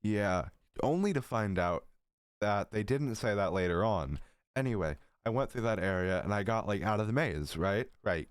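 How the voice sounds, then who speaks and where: A man's voice: on the low side, lively intonation, a little fast, no room sound, studio quality. A man in his late teens telling a story to camera in a casual, rambling way, with lots of fillers and swearing. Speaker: vlogger.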